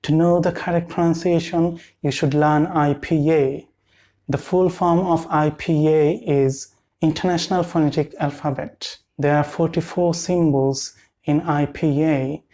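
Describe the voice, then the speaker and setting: A man teaching pronunciation, speaking deliberately and repeating each word for the viewer to copy. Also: fairly high pitch, dark tone. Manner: slow, deliberate, repeats words for drilling. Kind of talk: pronunciation lesson.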